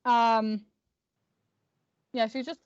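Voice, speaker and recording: A woman's voice: fairly high pitch, level tone, very slow, clear, resonant tone. Hesitant woman game master on a call. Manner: hesitant, many ums. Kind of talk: running an online tabletop game. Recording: dull dry call audio.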